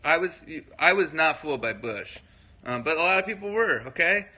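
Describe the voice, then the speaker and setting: Livestream host, male, very bright and fairly high voice, loose rambling delivery, constant "okay?" check-ins. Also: expressive, normal speed, rough recording. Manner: rambling, filler-heavy, keeps checking in with listeners. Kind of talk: casual livestream talk, answering viewer comments.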